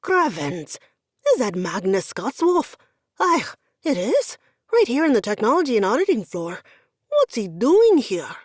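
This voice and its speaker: A woman voicing a starstruck office IT guy in an audiobook, sputtering in a high, breathless voice. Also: huge pitch swings, slow pace, a bit bright, no echo, clean studio sound, exaggerated voice. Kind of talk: audiobook character voice.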